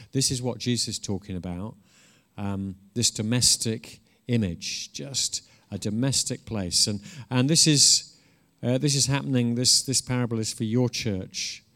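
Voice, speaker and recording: A man's voice: lowish voice, fairly bright tone. A man preaching a conversational sermon. He is informal and earnest, restarts often, and swells into emphatic bursts.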